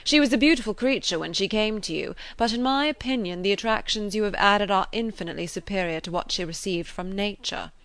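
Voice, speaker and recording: A woman reading the part of a gallant young gentleman suitor, effusive and fawning in his compliments, in a dry recording. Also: medium pitch, a little fast, hardly any pauses, no echo, natural voice. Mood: flattering.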